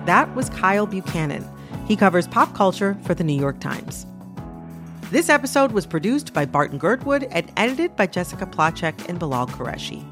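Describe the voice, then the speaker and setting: A woman from Michigan, hosting an interview in a relaxed, thoughtful way and laughing easily. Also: fairly low pitch, normal speed, music in the background. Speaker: podcast host.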